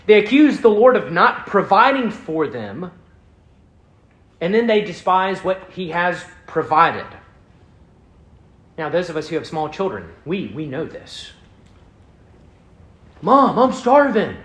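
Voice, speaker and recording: A man's voice: fairly high pitch, very animated, measured pace, long pauses. Earnest preaching man in an echoey room. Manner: earnest preaching with rising emphasis and soft drops. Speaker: pastor. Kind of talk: sermon.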